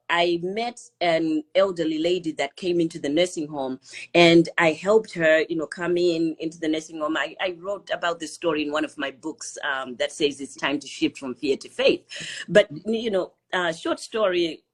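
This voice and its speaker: Husky Zimbabwean woman telling her story. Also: lowish voice, normal speed. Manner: animated storyteller, many "you know" fillers. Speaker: guest, psychotherapist. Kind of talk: casual storytelling interview.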